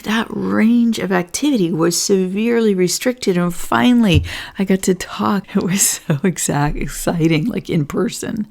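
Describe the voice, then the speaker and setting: Hoarse low-voiced woman chatting. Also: warm tone. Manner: chatty, laughs often, clears throat. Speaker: host presenting Schumann resonance readings. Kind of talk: casual livestream talk.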